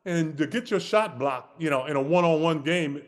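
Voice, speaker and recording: A man's voice: fairly high pitch, moderate pace. Man telling a story in a reverberant room. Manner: animated anecdote-telling with quoted dialogue. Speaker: podcast co-host. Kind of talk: casual storytelling.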